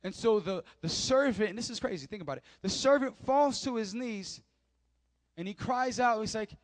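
A man's voice: high voice, animated, moderate pace, dry recording. A male pastor preaching a sermon, reading scripture and explaining it to his congregation, repeating key points with emphasis.

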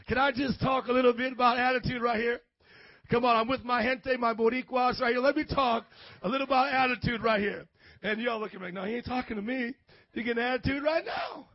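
A man's voice: very high voice, fairly even intonation, a little fast, no room sound, muffled recording. A man in his thirties preaching a sermon as pastor, calling for amens and acting out quoted voices. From grew up in an Italian family. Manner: call-and-response preaching, asks congregation for amens.

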